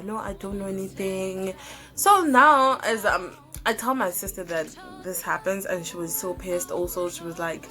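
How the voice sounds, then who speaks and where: Young woman, South African accent, casual storytime, lively and profane, faint music behind. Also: medium pitch. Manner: animated, swearing, hesitant fillers. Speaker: YouTuber.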